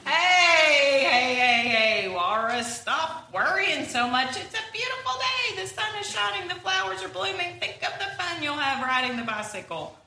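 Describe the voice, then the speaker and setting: A woman playing a carefree, upbeat pig from a children's storybook, cheerful and coaxing in a high, bright voice. The voice comes from a distance in a reverberant room. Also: sing-song, a little slow, few pauses, exaggerated voice. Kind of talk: storybook reading aloud.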